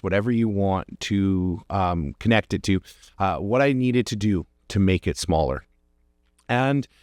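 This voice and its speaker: Earnest low-voiced man hosting a podcast. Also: darkish tone, no room sound, clean studio sound. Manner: earnest and encouraging; reflective, unhurried storytelling. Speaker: podcast host. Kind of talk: personal podcast monologue.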